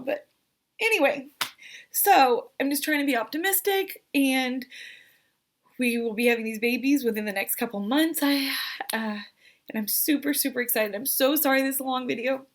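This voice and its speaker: A pregnant woman in her thirties talks straight to her viewers in a casual vlog update. Her voice sits a little high, and she speaks earnestly and with feeling, often pausing on fillers and restarting her sentences. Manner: earnest, emotional, hesitant with many fillers. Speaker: vlogger.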